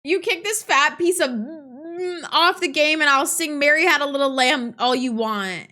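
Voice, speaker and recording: A woman voicing a rude, angry man at an arcade, loud and impatient. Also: high-pitched, expressive, measured pace, exaggerated voice.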